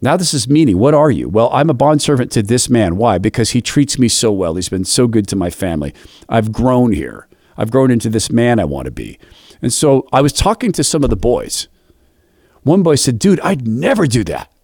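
A man's voice: mid-range voice, normal speed, dry recording, studio quality. A man leading a youth Bible study, telling a story in a reflective, devotional way and acting out the dialogue. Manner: animated, acts out quoted dialogue.

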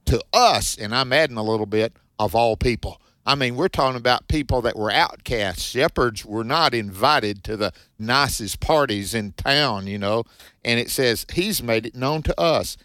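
A man's voice: mid-range voice, no room sound, clean studio sound. A man hosting a radio Bible teaching show, reading verses and explaining them emphatically. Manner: warm-hearted, emphatic, reads scripture then comments quickly.

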